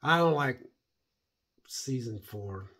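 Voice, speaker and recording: A man's voice: medium pitch, animated, slow, bright, forceful tone. A man giving a rambling, blunt, opinionated spoken review of a TV series. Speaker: show reviewer.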